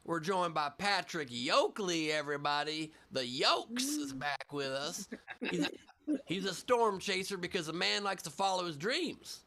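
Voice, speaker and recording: A man hosts a comedy show over a video call, riffing and teasing his guests in a playful running patter. His voice is strikingly bright and high for a man, swinging widely in pitch with a gravelly edge. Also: lively intonation, unhurried. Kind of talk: improvised comedy banter.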